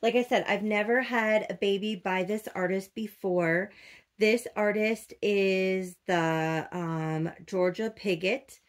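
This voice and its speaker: A woman from Minnesota, chatting casually as she unboxes a doll and gushes over it with soft cooing and many fillers. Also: medium pitch. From Minnesota, United States. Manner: slow and unhurried, with many fillers. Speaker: doll collector vlogger.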